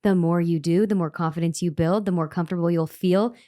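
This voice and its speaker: A woman's voice: lowish voice, fairly even intonation, a little fast, dark tone. Upbeat encouraging woman podcast co-host. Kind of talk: casual podcast chat.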